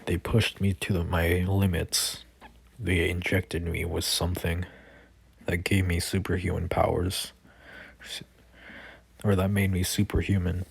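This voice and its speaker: A cold young super-soldier with no memory, as a man voices him in his own low tone. He speaks flat, terse and unhurried, in a deep, husky voice. The sound is close and dry. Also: no echo, exaggerated voice.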